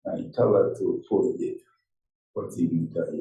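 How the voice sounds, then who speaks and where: An older rabbi gives an informal Torah class, telling stories with animation and acting out the dialogue. His low, gravelly voice moves a little fast. He is far from the mic, so the audio is dull and roomy.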